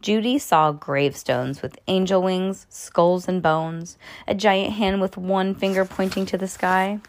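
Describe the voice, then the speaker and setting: A mother reads a children's chapter book aloud, stopping now and then for chatty, amused asides. Her voice sits at a middling pitch and has a gravelly, fry-tinged texture. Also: measured pace.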